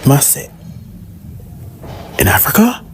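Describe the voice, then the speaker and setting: A man's voice: wildly swooping pitch, takes it slowly, gravelly, slight background noise. A man from Jamaica with a Jamaican accent, ranting in a profane, exasperated reaction video. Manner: exasperated, profane, swings pitch for emphasis.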